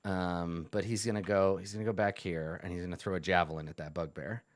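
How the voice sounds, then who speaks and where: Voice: sits low, steady tone, brisk. A game master narrating a tabletop game in a rambling way, full of fillers.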